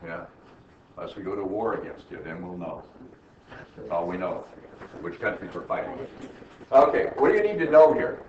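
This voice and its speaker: With a low, somewhat mellow voice, big pitch swings, moderate pace, and long pauses, an American man lectures on accounting to a class. He peppers students with "right?" questions and wry, teasing jokes, recorded from afar in an echoey classroom that sounds muffled with faint hiss.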